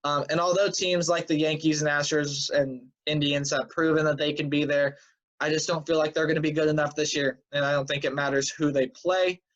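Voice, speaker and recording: A man's voice: fairly high pitch, fairly even intonation, brisk, a bit bright. A man hosting a casual weekly sports news recap who sounds tired and fills his talk with "um" and "uh". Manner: chatty, filler-heavy, offhand predictions. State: tired and yawning. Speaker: sports show host. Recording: dull lo-fi home recording.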